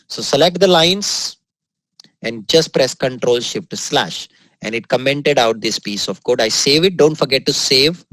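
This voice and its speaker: This male coding instructor, with an Indian English accent, teaches over a screen recording with cheerful energy, tossing out lots of praise and going back over important points at a slow pace. His mid-range voice carries a fairly bright tone, with no echo, though the audio quality is poor.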